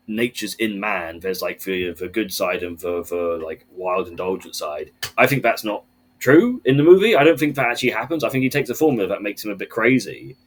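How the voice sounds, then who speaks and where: Male podcast guest, lowish voice, casual and profane, ranting with energy.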